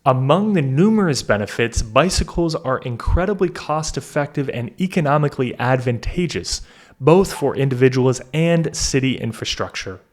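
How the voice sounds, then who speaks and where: A man tutoring through a practice test, thinking aloud, reading sentences deliberately and correcting himself as he goes. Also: mid-range voice, animated. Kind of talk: casual walkthrough of a practice test.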